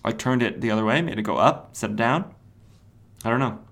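A man's voice: mid-range voice, a little fast, fairly bright tone. A man hosting a podcast, casually recapping stories, rambling with lots of "uh" fillers and self-corrections. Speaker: comics podcast host.

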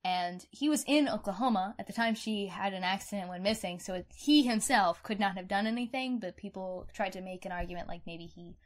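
A young woman co-hosting a podcast, chatting in an expressive, outspoken way and swearing casually. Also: mid-range voice, brisk, few pauses. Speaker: podcast co-host. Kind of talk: casual true-crime chat.

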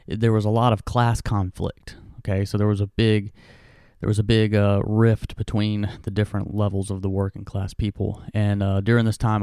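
Rambling man with a low, smooth voice. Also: darkish tone, no echo, studio quality. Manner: rambling, jokey asides, many fillers. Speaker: history talk host. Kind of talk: casual history monologue.

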